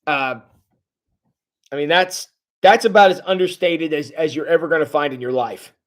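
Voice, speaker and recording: Chatty high-voiced man leading Bible study. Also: moderate pace. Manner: chatty, greets viewers' comments, animated storytelling. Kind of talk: casual livestream Bible study.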